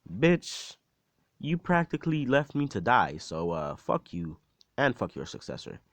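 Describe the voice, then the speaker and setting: A man's voice: a bass voice, big pitch swings, measured pace, a bit bright, no echo, voice pushed down, heavily acted. Man doing a cocky, crude young hero. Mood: taunting. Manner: crude, taunting. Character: cocky defiant young male superhero.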